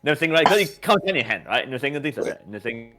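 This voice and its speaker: A man's voice: medium pitch, very animated, racing, bright, forceful tone, soft background music. A man in casual voice-chat talk, stammering and repeating words, full of fillers. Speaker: community member.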